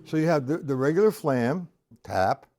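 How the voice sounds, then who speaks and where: A middle-aged male drum teacher talks with a lively, rising and falling voice, breaking patterns down and counting them out. A loud drum kit keeps playing around his words as he chats casually with viewers. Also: on the high side, normal speed, over loud music. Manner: counts beats aloud over his own drumming, chatty asides to viewers. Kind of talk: live-streamed drum lesson.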